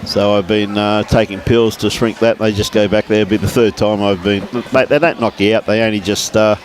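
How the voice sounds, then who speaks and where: A man's voice: lowish voice, fairly even intonation, a little fast. A man giving casual, laid-back bowls commentary, calling everyone mate and buddy. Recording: outdoors at a bowls green.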